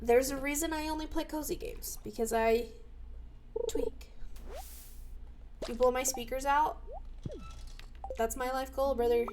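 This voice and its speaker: A young adult woman streaming a game live, with a slightly high voice and an unhurried, drawn-out delivery. She is loud and excitable, swearing freely and breaking into shouts. A faint hiss sits under her voice. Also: low-quality recording. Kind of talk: casual live-stream chat while gaming.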